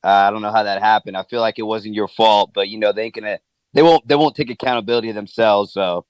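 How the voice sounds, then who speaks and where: Relaxed low-voiced man calling in. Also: fast talker, clear, resonant tone, dry recording. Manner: relaxed, friendly, slangy. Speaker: caller. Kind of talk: casual chat.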